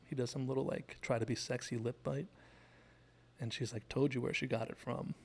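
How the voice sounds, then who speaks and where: A man hosts a casual scene-by-scene breakdown of a TV episode, recapping the plot and drifting into asides. His middle-range voice has a steady gravelly fry. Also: medium pitch, normal speed. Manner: chatty and digressive, retells scenes. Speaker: TV show analysis host.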